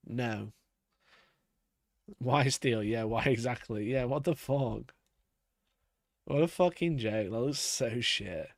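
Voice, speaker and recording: A man's voice: mid-range voice, slow, vocal fry, long pauses, dry recording, studio quality. A young man chatting casually on a live stream, swearing freely, laughing often and talking to his cat between comments.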